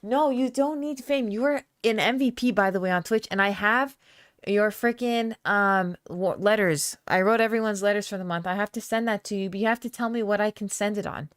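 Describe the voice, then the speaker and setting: A woman hosting a podcast live stream, chatting casually with her viewers and reading their comments aloud. She talks in a loose, playful way, with fillers and quick laughs. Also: medium pitch, no room sound, clean studio sound. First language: Aramaic. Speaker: podcast host.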